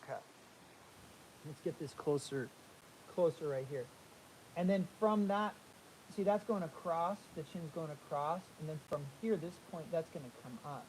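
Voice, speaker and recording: A man teaching art explains each line of his figure drawing aloud, energetically restating his points as he goes. The pitch is a little high and the speed normal; it's a rough recording with a faint underlying hiss.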